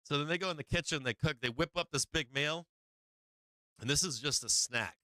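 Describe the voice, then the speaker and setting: A man's voice: on the high side, a little fast, pushed and bright, no echo. A middle-aged man hosting a market livestream, telling a rambling family story in a casual way. He laughs often and acts out the voices of his family. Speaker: stock market livestream host.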